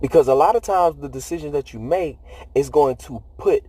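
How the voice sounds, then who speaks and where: A man's voice: on the high side, normal speed, mellow, breathy edge, dry recording. A man giving a preachy motivational talk in conversational, slangy speech, laughing often. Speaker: motivational speaker.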